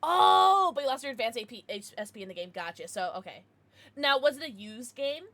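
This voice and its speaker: Woman streamer in her thirties, bubbly, laughs a lot, raised pitch, lively swoops while chatting with viewers. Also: brisk. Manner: bubbly, laughs often, reacts to chat. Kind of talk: casual livestream chat.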